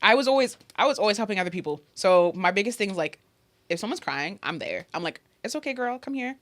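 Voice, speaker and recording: A woman's voice: on the low side, expressive, quick pace. A young woman co-hosting a casual podcast chat, chatty and fond of calling people honey. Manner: chatty, says "honey" a lot. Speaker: podcast co-host.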